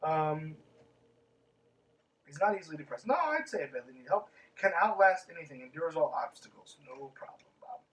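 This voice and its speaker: A man with a fairly high voice reads from a book on a podcast and keeps stopping to mock it, sarcastic and profane. He sits somewhat back from the microphone, so the sound is a little distant. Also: very animated, normal speed, fairly bright tone. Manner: snarky, sarcastic, swears freely. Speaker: podcast host reading a book aloud. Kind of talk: casual podcast commentary and reading.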